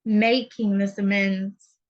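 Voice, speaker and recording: A woman's voice: mid-range voice, little pitch movement, takes it slowly, dull audio. A woman spiritual coach giving an earnest, intense, confessional teaching monologue, blunt and unafraid to swear.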